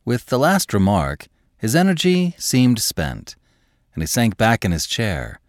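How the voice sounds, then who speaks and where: Low-voiced, expressive male narrator. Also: dry recording, studio quality. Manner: expressive, measured storytelling. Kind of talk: scripted narration of a classic story.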